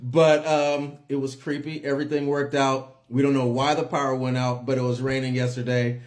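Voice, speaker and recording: A man vlogging at home, telling a story to his camera in a casual, animated way, with quick repeats and bursts of laughter. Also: medium pitch. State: drowsy and dizzy.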